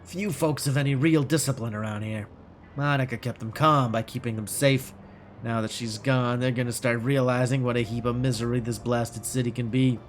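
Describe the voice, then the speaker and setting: A tired, resigned man who has already died once, as a streamer reads him aloud from a game. He sounds quietly fatalistic, at a middle pitch. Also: steady tone, moderate pace, a little hiss or hum, natural voice. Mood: weary.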